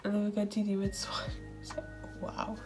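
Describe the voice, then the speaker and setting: A thirty-year-old woman speaking unhurriedly in a relaxed, confessional voice-over. She laughs often and slips into soft, half-whispered asides. Faint music plays quietly behind her. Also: on the low side, a little slow. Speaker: art channel host.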